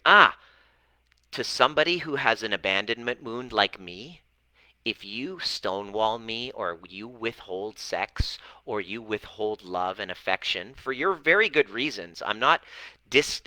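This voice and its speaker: Blunt, bright-voiced male relationship coach. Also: on the low side, no echo, rough recording. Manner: blunt, swears freely, acts out client's words. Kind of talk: motivational talk to camera.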